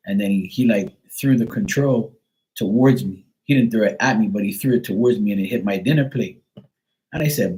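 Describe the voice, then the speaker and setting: A man's voice: lowish voice, brisk, a little mellow, low-quality recording. Blunt, profane man ranting casually. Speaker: livestream host. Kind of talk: casual storytelling rant.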